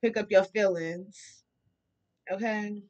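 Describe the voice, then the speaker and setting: A woman's voice: medium pitch, steady tone, slow pace, darkish tone, muffled recording. A woman giving a casual tarot reading, blunt and profane, talking animatedly to her viewers. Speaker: tarot reader.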